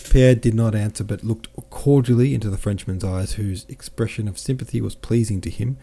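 A man narrating a classic novel as an audiobook podcast host, in a measured, steady way. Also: lowish voice.

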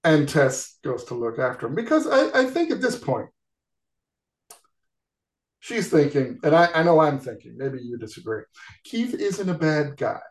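Relaxed man host in an echoey room. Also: fairly high pitch, normal speed, pauses often. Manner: relaxed, recapping a film plot. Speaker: podcast host. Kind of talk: casual podcast chat.

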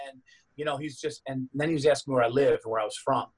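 A middle-aged man, a stand-up comedian, telling a story in casual chat with lots of swearing and quick asides. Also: mid-range voice, fairly even intonation, breathy edge, low-quality recording.

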